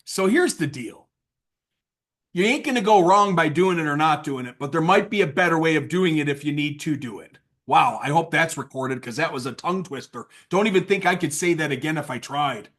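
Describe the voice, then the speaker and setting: A man giving a casual sales training talk, blunt and worked up, swinging from loud outbursts to low asides. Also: animated, fairly quick.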